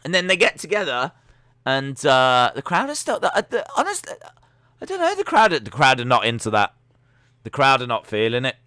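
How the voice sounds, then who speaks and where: A man's voice: mid-range voice, wildly swooping pitch, brisk, sharp tone. A young man hosting a live stream watch-along, giving chatty, sarcastic, opinionated commentary.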